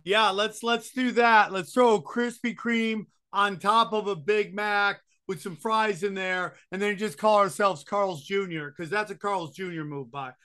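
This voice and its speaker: Man with a high bright voice, sardonic podcast co-host, profane and mocking. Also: steady tone, unhurried, hardly any pauses, clear, resonant tone. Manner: sarcastic, cynical, swears, says dude. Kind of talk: casual crude banter.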